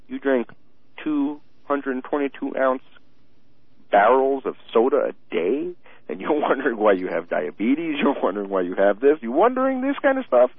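A man in casual political talk who gets animated, restarts his sentences often and laughs mid-thought, heard over a tinny phone line. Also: medium pitch, normal speed, no echo.

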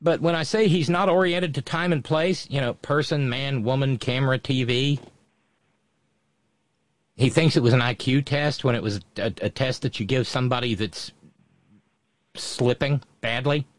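A man co-hosting a political talk show, measured and wry, with frequent stammering restarts. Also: mid-range voice, no echo. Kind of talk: casual political commentary.

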